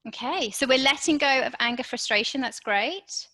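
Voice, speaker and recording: At a moderate pace and in a high, sharp voice, a woman runs a live online workshop, speaking encouragingly to her audience and often checking with "okay?". The audio is poor.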